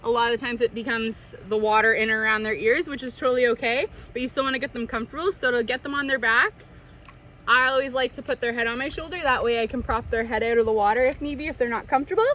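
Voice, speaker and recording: A woman's voice: fairly high pitch, steady tone, fast, sharp tone, slight background noise. A young woman, a swim instructor, giving tips to parents at a pool, switching into sing-song baby talk. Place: swimming pool.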